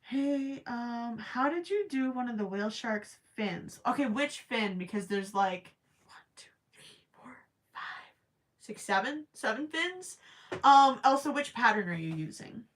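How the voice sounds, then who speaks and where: A woman's voice: on the high side, lively intonation, a little slow, a bit bright. A woman chatting casually with her viewers while she crochets, rambling with plenty of ums and self-deprecating asides. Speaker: crochet livestream host.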